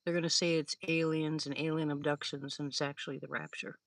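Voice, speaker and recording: A woman's voice: low voice, flat delivery, brisk, gravelly, no echo. An older woman hosting a live stream, rambling through stories in casual chat with her viewers, laughing often. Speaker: livestream host.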